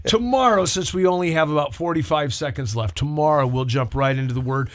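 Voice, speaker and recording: A man's voice: a little high, brisk. A man, a pastor, hosting a church call-in radio show in a talkative, upbeat way and leading prayer. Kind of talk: casual radio chat.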